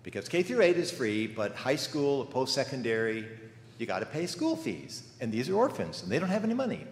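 Very animated and a little fast, an older man with a mid-range voice preaches as a guest, telling stories and asking rhetorical questions in a conversational way. The church sanctuary echoes, with faint ambience around him.

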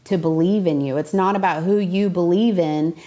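A woman's voice: on the low side, normal speed, warm tone. A young woman, a guest on an interview podcast, telling a story earnestly and acting out the voices of the people in it. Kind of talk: casual conversational interview.

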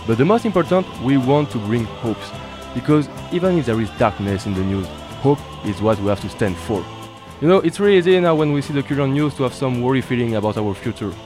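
A native French speaker with a French accent opens his radio show with playful energy and wordplay, music playing beneath him. His mid-range voice is fairly quick, with lively intonation.

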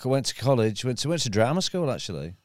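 A man races through rambling anecdotes, switching in and out of the voices of people he remembers. He sits at an everyday pitch, and the recording is dry and close with no room sound. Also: very animated, fast talker, dry recording. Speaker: guest comedian. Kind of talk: casual storytelling.

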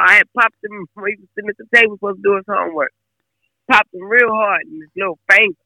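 She talks fast in a mid-range voice that sounds pushed and bright, on a rough recording with no echo. The speaker is a football player's mother, chatting casually as an interview guest about her son. Emphatic and chatty, she keeps repeating phrases.

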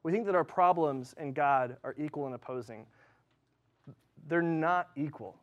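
A man's voice: a little high, normal speed, dull audio. A male pastor giving a casual, conversational sermon, full of ums and likes. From Southern California. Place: church.

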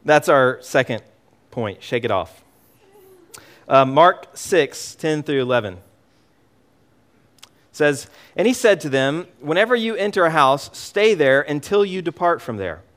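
Animated man preaching a sermon. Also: on the high side, measured pace, pauses often. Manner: animated, emphatic preaching with frequent repetitions. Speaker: pastor.

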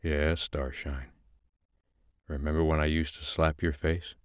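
Male reader doing a possessive boss, slow, low and dry. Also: little pitch movement, smooth, no room sound. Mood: cold. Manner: commanding, low and deliberate.

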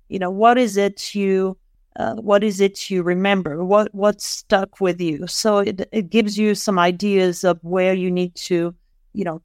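A woman's voice: mid-range voice, clear, resonant tone, no echo. Thoughtful woman guest, dry sound. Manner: thoughtful, explanatory, frequent restarts. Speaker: podcast guest, author. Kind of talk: interview conversation.

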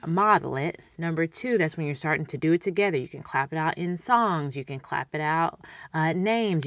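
A woman's voice: fairly low pitch, highs cut off. A woman, a speech-language pathologist coaching parents in an upbeat, chatty way. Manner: upbeat, chatty, encouraging, checks in with "okay?".

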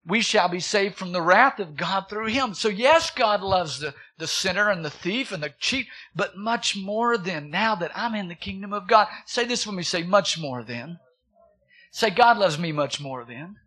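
A pastor in his thirties preaches a sermon, posing questions to the congregation and repeating words for emphasis. His voice is high, sharp in tone, and slightly rough.

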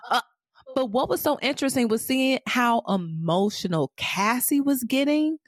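Animated, profane woman in casual chat. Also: fairly high pitch, normal speed, dry recording, studio quality. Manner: animated, profane, mimics characters in a rising voice. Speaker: podcast co-host. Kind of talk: casual chat reviewing a TV show.

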